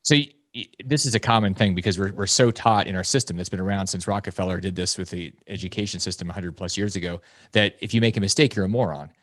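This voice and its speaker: A man in his forties, a podcast guest, talking bluntly and emphatically, jumping into loud mocking quotes. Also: low-pitched, quick pace, no room sound. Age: 40s. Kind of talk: fast, blunt podcast talk.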